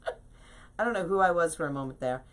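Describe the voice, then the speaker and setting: Deep-voiced and fairly quick, this woman has lively intonation. As a craft host teaching wreath making live, she chats at her craft table at home, reads comments from viewers, and laughs at herself.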